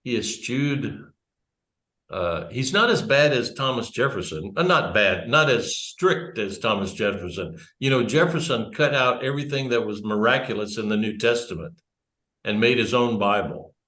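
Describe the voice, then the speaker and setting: Animated and a bit bright, a man of medium pitch talks at normal speed in a church room to a small audience. His conversational talk rambles, strays into digressions and corrects itself, and the recording echoes.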